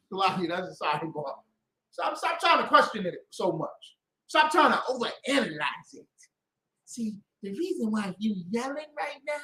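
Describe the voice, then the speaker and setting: Man, street preacher; confrontational, mocking delivery with a lively, swinging pitch and roomy echo. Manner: heated, mocking, acts out voices, bursts into shouts.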